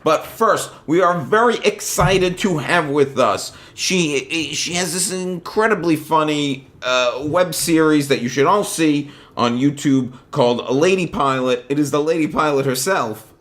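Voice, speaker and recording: A man's voice: on the high side, measured pace, few pauses, fairly bright tone. A man co-hosting a comedy podcast, rambling through loose banter, swearing freely and telling stories with a lot of energy. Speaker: podcast co-host.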